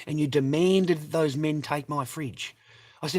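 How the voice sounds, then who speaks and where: A man's voice: on the high side, moderate pace, a little mellow. A middle-aged man ranting to his viewers about his marriage, swearing, aggrieved and repeating himself. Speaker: vlogger. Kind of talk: angry personal rant to camera.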